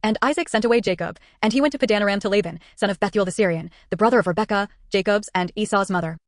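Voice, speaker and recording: A woman reads scripture aloud at a brisk clip, in a steady, even cadence. Her voice sits mid-range and sounds close and dry, with no room around it. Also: mid-range voice, dry recording. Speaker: Bible reader. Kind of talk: scripted Bible narration.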